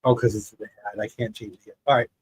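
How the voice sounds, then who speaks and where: On a rough recording, a man in his fifties from the US fast-talks through casual live baseball commentary, reading chat aloud and rambling between the game and viewers. His medium-pitched voice is fairly even, darkish and a little breathy.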